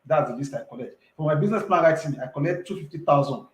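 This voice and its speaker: Man, thirties, emphatic, repeats points, slightly high voice. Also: animated, fast talker, roomy sound, low-quality recording. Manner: earnest, emphatic, repeats himself. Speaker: entrepreneur guest. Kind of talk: casual interview talk.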